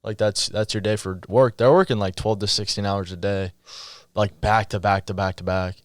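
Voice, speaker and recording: A man's voice: lowish voice, steady tone, moderate pace, no room sound. A young man chatting casually on a podcast, telling rambling, enthusiastic stories. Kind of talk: casual chat.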